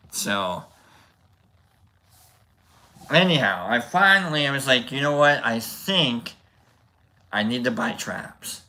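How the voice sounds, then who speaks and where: A man hosting a livestream, telling a story casually to his chat in an animated, rambling way with restarts. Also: mid-range voice, unhurried, long pauses. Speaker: livestream host.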